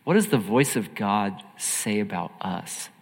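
A man preaching a sermon in an earnest, emphatic way, swinging between loud and hushed. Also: lowish voice, animated, unhurried, gravelly, long reverb tail.

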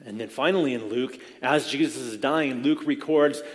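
A male pastor preaches a sermon, talking it through in a relaxed, conversational manner and often circling back to restart a phrase. His voice sits at an ordinary middle pitch. A long reverb trails behind every word, as in a big hall. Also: normal speed. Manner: conversational, explaining with frequent restarts.

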